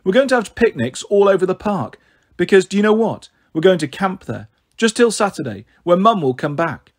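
A man's voice: high-pitched, sing-song, voice pushed up, heavily acted. A man doing a bossy, mothering big-sister girl. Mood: coaxing. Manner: brisk, mothering.

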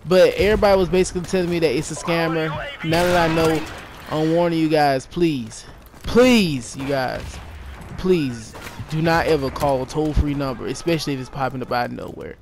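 A man telling a story to his viewers in a casual vlog, animated and rambling, repeating himself and tossing in "yo". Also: fairly high pitch, fairly quick. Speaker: YouTuber. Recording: noisy with game gunfire behind.

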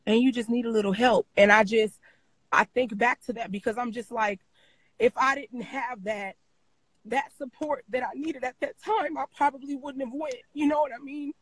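High-voiced woman sharing a personal story. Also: steady tone, normal speed, a bit bright, slightly rough, no echo, poor audio. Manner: emotional, repeats phrases, many fillers. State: crying at times. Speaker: interview guest. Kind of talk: personal testimony in interview.

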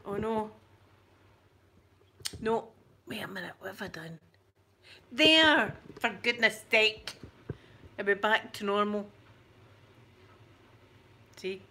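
Scottish woman in her 40s, bright forceful voice, rambly jokey chat to camera. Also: medium pitch, takes it slowly, long pauses. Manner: rambling and self-mocking. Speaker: YouTuber. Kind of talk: chatty talk to camera.

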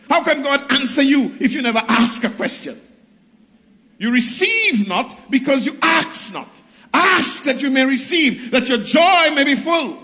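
A man preaches in a church, his voice sitting very high for a man. He reads long passages of scripture and then rises to call out to the congregation. The sound rings with the long reverb of a church hall. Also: sharp tone. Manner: preaching with scripture readings, rising and calling out to the congregation. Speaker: pastor. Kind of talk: sermon.

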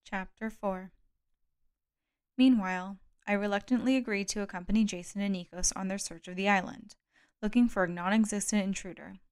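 A woman narrating a novel as an audiobook in a steady, measured reading. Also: medium pitch, clean tone. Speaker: audiobook reader.

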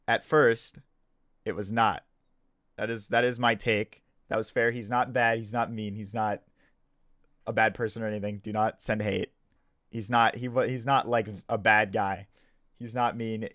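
A man's voice: mid-range voice, fairly bright tone, no echo, clean studio sound. A man, just woken up, explaining himself in a casual video commentary, defensive and stumbling, repeating and restarting his sentences. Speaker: gaming YouTuber.

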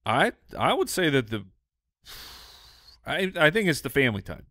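A man's voice: on the high side, sing-song, moderate pace, sharp tone, no room sound, studio quality. A man co-hosting a comedy podcast, easygoing and reflective in casual chat.

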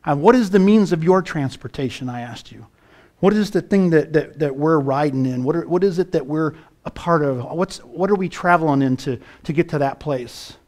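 Middle-aged male pastor, slightly high voice, fervent preaching with rhetorical questions. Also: moderate pace, a little mellow. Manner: preaching with rising fervor, rhetorical questions to the congregation. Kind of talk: sermon.

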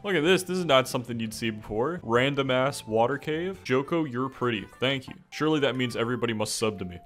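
A man streaming a game, talking casually to chat, excitable, jokey and swearing, with faint music behind him. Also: mid-range voice, fast talker. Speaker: gaming streamer. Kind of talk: casual gameplay commentary to chat.

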